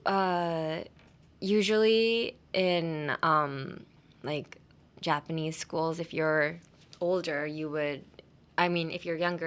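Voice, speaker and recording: A woman's voice: lowish voice, fairly bright tone. A woman hosting a casual podcast that teaches English. She talks in a chatty, playful way, laughs often and uses many fillers. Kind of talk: casual language-lesson podcast.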